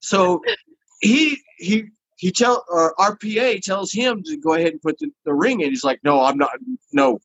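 A man's voice: sits high, normal speed, breathy edge, dull audio. A man telling a long story in casual chat and acting out the people in it. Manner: animated, acts out the people in his story.

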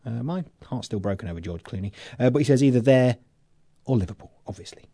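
A male podcast host from England talks in a jokey, rambling way, full of fillers. His voice is mellow and a little husky, and his pitch swings a lot. It sounds close and dry. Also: lively intonation, quick pace, no room sound. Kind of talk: casual chat.

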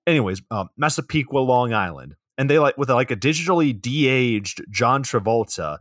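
A man's voice: medium pitch, lively intonation, moderate pace, a bit bright, dry recording. Man recapping a movie plot, dry mic. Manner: plot recapping, swears casually. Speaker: podcast co-host.

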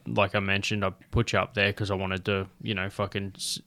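A man's voice: low voice, level tone, brisk, pushed and bright. A young Australian man hosting a podcast, chatting in an easygoing, rambling and sweary way. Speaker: podcast host, comedy gig organiser. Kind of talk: casual chat.

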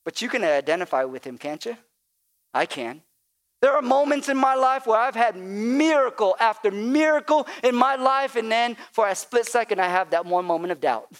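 A man's voice: extremely high pitch, animated, moderate pace, fairly bright tone. A male pastor preaching a sermon, with call-and-response and repetition that builds to emphatic peaks.

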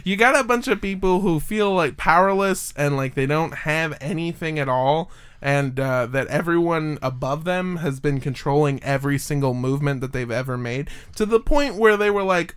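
A man's voice: a little high, moderate pace, a bit bright, clean tone. A young man hosting a casual podcast, telling a story in a rambling, jokey way with lots of fillers.

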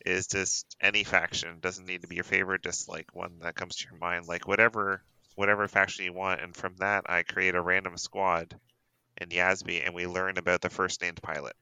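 A man's voice: deep voice, level tone, normal speed, bright, forceful tone, smooth, no echo, rough recording. A man from Canada, hosting a podcast in eager, chatty casual talk. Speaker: podcast host.

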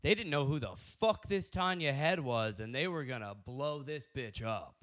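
A man's voice: medium pitch, expressive, normal speed, a bit bright. A man hosting a podcast, recounting a story in casual chat with crude asides. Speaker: podcast host telling a story.

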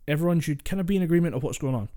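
A man's voice: fairly high pitch, rapid-fire, dark tone. A man with a Scottish accent co-hosting a podcast, rambling through points in casual chat and laughing easily. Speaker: podcast co-host.

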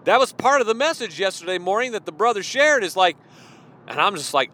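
A man preaching a sermon, swinging between soft pleading and loud, impassioned declaration. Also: high-pitched, sing-song, brisk.

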